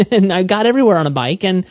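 A man's voice: high-pitched, animated, fast talker, a little mellow, no echo, clean studio sound. A man hosting a casual movie podcast, joking, rambling and laughing often. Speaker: podcast host.

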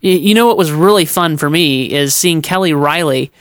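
A man's voice: a little high, moderate pace, a bit bright, no echo, studio quality. A man co-hosting a movie podcast, giving candid opinions in a casual chat and often stammering and restarting his sentences. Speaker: podcast co-host. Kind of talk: casual movie review discussion.

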